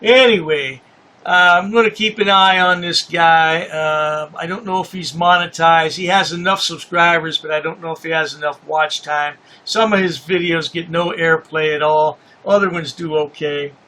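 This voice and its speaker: Exasperated sarcastic bright-voiced man. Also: on the high side, fairly even intonation, moderate pace. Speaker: commentary channel host. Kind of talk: mocking commentary.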